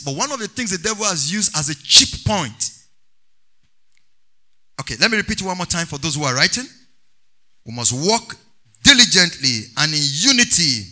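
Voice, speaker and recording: Male preacher, high bright voice, sweeping sing-song delivery, call-and-response sermon.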